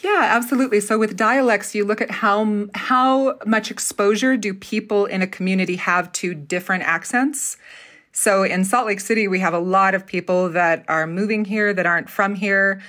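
A middle-aged woman from Utah, a dialect coach and theatre professor, explaining speech patterns in an animated, casual interview chat. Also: mid-range voice, normal speed. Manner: animated, acts out accents while explaining.

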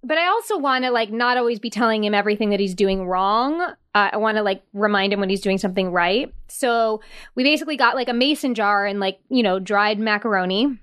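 A woman's voice: medium pitch, brisk, a bit bright, smooth. A woman in her thirties hosting a casual podcast, chatting encouragingly with "yeah" and "like" sprinkled throughout. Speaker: podcast host. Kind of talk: casual chat.

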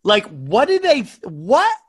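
A man's voice: very high voice, wildly swooping pitch, slow pace, fairly bright tone, husky. A man in a casual podcast conversation, reacting with disbelief and casual swearing.

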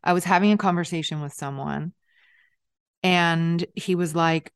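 A woman's voice: lowish voice, steady tone, a little slow, clean tone. A middle-aged woman with a general American accent hosting a casual conversation, thoughtful and hedging, often checking in with "right?". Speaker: podcast host. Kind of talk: casual interview chat.

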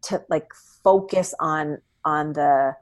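A middle-aged woman, a cookbook author, chatting in an interview in a rambling, animated way from her farm home. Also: low voice, slow pace. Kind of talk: casual interview chat.

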